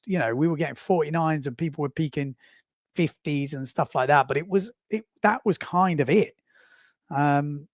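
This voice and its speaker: A man's voice: on the high side, vocal fry, dry recording, clean studio sound. A man in his forties hosting a casual livestream, chatting and rambling with self-amused asides while running through results. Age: 40s. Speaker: livestream host. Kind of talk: casual live commentary.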